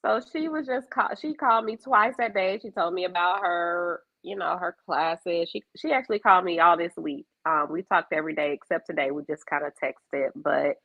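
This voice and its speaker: Gravelly, lively woman storyteller. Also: normal speed, hardly any pauses, no room sound. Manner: animated storyteller, voices quotes with big pitch jumps. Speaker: podcast co-host. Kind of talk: casual chat. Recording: dull lo-fi sound.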